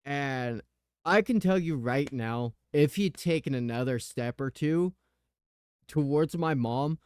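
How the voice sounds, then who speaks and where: A man hosting a podcast, telling a personal story in a casual, animated way with the odd curse word. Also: medium pitch, takes it slowly, smooth, dry recording, studio quality. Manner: animated retelling, swearing. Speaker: podcast host.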